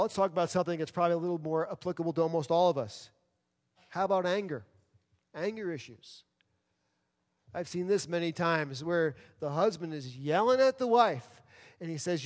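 A man's voice: a little high, expressive, moderate pace. A man from New York City preaching a sermon as pastor, firing off rhetorical questions and acting out people's excuses. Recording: long reverb of a large hall.

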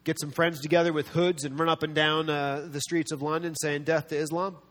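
Guy pastor preaching, animated, does little voices for people, voice a bit high, big church reverb. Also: a little fast. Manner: animated, acts out quoted voices. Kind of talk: sermon. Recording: long reverb of a large hall.

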